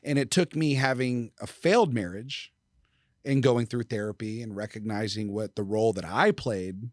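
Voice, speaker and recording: A man's voice: on the low side, normal speed, dry recording, studio quality. A middle-aged man speaking as a podcast guest, telling stories in a candid, casual way, swearing freely and acting out quoted dialogue. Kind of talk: casual storytelling.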